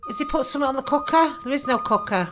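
A woman's voice: high-pitched, huge pitch swings, fast, music in the background. Jumpy woman gaming. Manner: jumpy, nervous, swears and laughs at frights. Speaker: gaming channel host. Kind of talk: horror game let's play commentary.

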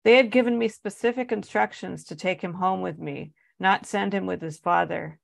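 A woman's voice: medium pitch, moderate pace, vocal fry, dry recording. A woman, an author, reading aloud from her own memoir in an earnest, emotionally charged way.

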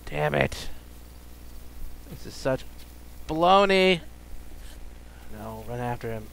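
A man streaming a video game live, talking to himself as he plays and breaking into loud, frustrated, swearing outbursts. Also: medium pitch, animated, slow pace, smooth, poor audio. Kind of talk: live gameplay commentary.

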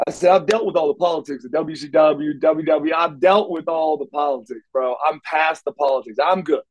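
A man's voice: on the high side, fairly quick, rough recording. A middle-aged man, an interview guest, telling stories casually and animatedly, acting out the dialogue with frequent restarts. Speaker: interview guest, former wrestler.

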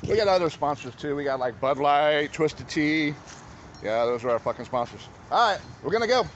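A man's voice: on the high side, lively intonation, moderate pace. A man vlogging outdoors with a handheld phone, swearing a lot and boasting in a slangy, casual way. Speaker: vlogger showing storm damage at home. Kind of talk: casual profane vlog. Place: outdoors at a house yard and street. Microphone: handheld phone camera. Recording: lo-fi phone audio with outdoor noise.

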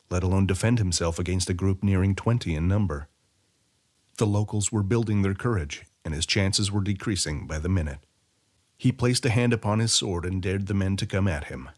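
A man narrating a fantasy short story as an audiobook reader, in an expressive storytelling way. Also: lowish voice.

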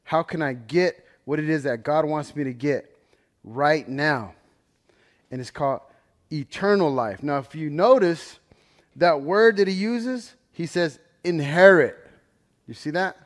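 A man's voice: fairly high pitch, measured pace, pauses often. A young man teaching a Bible study in a casual, conversational way, explaining scripture with everyday examples and asides. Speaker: pastor.

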